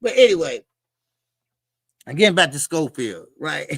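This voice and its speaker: A man's voice: fairly high pitch, big pitch swings, takes it slowly, creaky, pauses often, a bit bright, no room sound. A man hosting a boxing channel, talking loosely to his viewers, rambling and laughing between asides. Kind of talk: casual livestream commentary.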